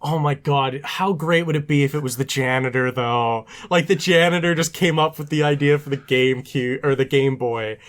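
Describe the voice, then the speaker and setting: A man co-hosting a podcast, chatting casually over a trivia game, animated and quick to laugh. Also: mid-range voice. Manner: animated, laughs easily, many fillers. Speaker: podcast co-host.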